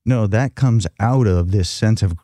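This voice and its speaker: A man co-hosting a casual devotional chat, reflective and gently explaining. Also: fairly low pitch, unhurried, dry recording, studio quality. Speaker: co-host.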